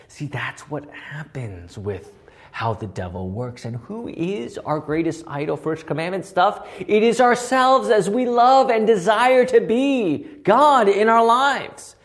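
A pastor delivers a sermon with loud, near-yelling energy. The preaching is animated and keeps turning to the listeners with quick checking questions. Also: medium pitch. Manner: animated, peppered with tag questions. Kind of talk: sermon with Bible study.

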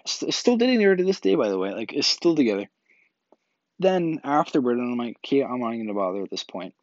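A man's voice: medium pitch, dry recording. A man casually telling a personal story, rambling with lots of filler words and restarts. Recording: dull, slightly lo-fi dry recording.

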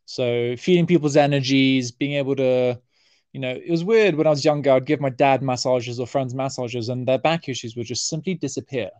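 A man, talking casually as an interview guest, relaxed and rambling with fillers and restarts. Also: mid-range voice, brisk, no room sound. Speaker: herbalist guest.

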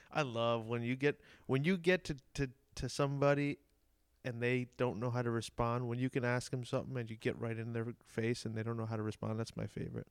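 Man, giggly co-host; clear, resonant voice, dry close sound. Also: mid-range voice, flat delivery, moderate pace, no echo. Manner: giggly, laughs often. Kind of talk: casual podcast chat.

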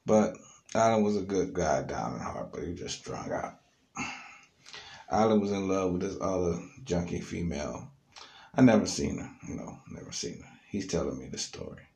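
A man casually telling a story on his podcast, loose and animated, with plenty of fillers, recorded alone in an echoey studio room. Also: low-pitched, vocal fry.

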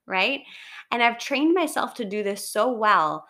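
A woman's voice: on the high side, animated, measured pace, bright, forceful tone. A woman giving a chatty, encouraging motivational talk, often checking in with "right?".

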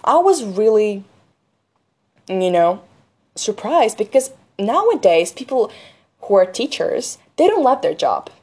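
A woman's voice: mid-range voice, big pitch swings, takes it slowly, pauses often, dark tone, breathy edge. A teenage girl talking casually and earnestly, with lots of fillers, sharing advice about choosing a career. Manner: earnest, chatty, many fillers like "you know". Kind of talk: casual monologue.

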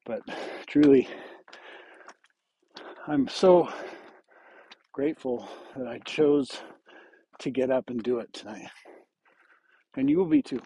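A man's voice: medium pitch, lively intonation, slow pace, gravelly, long pauses, mellow, breathy edge, poor audio. A man hosting a podcast, talking outdoors at night while walking hills with a weighted vest, out of breath, earnest and rambling with restarts. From Oregon. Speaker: podcast host. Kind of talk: motivational faith talk.

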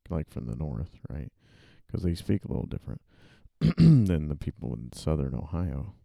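A man, an author, thinks aloud while drafting and typing in a dark room, muttering, rereading and correcting himself. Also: a bass voice, vocal fry, no echo.

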